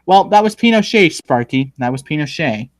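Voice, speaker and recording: A man's voice: fairly high pitch, animated, moderate pace. A man hosting a casual livestream, joking sarcastically and reading viewer comments aloud. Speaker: livestream host.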